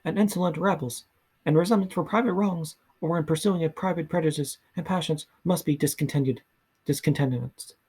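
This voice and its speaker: A man reading a history book aloud in a soft ASMR style, slow and halting, often stumbling and restarting words. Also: on the high side, slightly rough. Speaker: ASMR reader.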